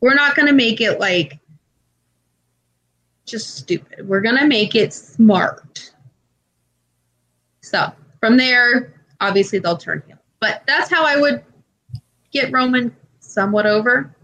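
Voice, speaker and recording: A woman co-hosting a podcast, spinning an animated story with plenty of swearing and fillers. Her voice is bright and sits fairly high, with big swings in pitch, and she talks slowly and draws out her words. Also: rough recording. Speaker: podcast co-host. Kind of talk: casual chat.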